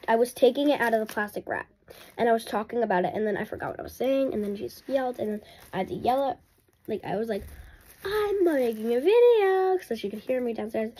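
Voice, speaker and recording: A woman vlogger talking in a rambling, excitable and apologetic way during a casual unboxing. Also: a little high, slightly rough.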